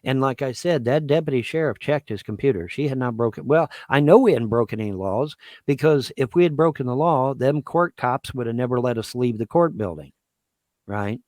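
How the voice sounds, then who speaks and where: A man speaks in a bitter, accusatory rant, hammering the same points again and again. His voice sits at an ordinary middle pitch. The sound is dry and close, with no room around it. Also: expressive, a little fast, darkish tone, no room sound. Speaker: livestream host. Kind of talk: aggrieved ranting monologue.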